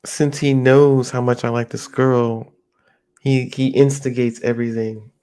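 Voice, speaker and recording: A man's voice: medium pitch, flat delivery, measured pace, dark tone, clean tone. A man casually telling a rambling personal story at home, slipping into his friends' voices as he quotes them. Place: home near a highway.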